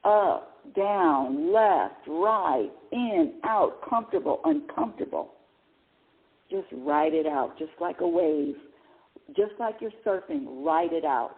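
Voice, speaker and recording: Animated woman hosting call-in radio. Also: on the low side, slow pace. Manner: lively, emphatic, repeats words. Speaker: radio host. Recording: tinny phone-line sound.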